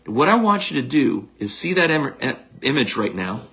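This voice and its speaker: A middle-aged man with a gravelly, creaky voice leads his listeners through a guided visualization. He talks in an energetic, blunt and casual way, pushing and coaching them as he goes. His pitch sits in an ordinary middle range for a man. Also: normal speed. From Canada. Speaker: psychic medium.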